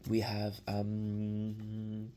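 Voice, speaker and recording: A man's voice: lowish voice, completely flat delivery, extremely slow, dark tone, slight background noise. A young man, rambling through a casual episode recap with lots of restarts. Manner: rambling, many restarts and fillers. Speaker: show reviewer.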